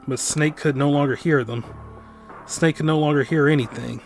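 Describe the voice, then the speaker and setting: A man hosting a let's play, reading a visual novel's narration aloud in a steady, even tone. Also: on the high side, normal speed, soft background music.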